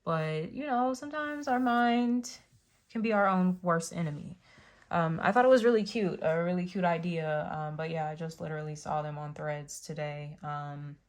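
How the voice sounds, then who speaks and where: A woman's voice: deep voice, normal speed. A woman giving a casual spiritual tarot reading, rambling with many fillers and restarts. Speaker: tarot reader.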